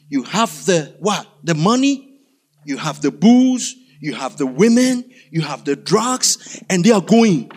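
African guy preaching, pretty high voice, acts stuff out and shouts now and then. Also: creaky. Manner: animated, acts out scenes with sudden shouts. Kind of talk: storytelling sermon.

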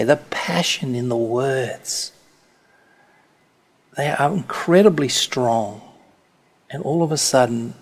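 Slow, deliberate male preacher. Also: mid-range voice, vocal fry, darkish tone. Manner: slow, deliberate, stressing key words. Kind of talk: sermon.

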